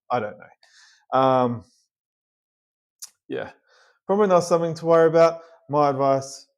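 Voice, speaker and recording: An Australian man talks through a video in a relaxed, conversational way. His pitch is average for a man, and his manner is plainspoken and practical. He hands out straightforward advice rather than drama. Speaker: reaction video host. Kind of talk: casual reaction commentary.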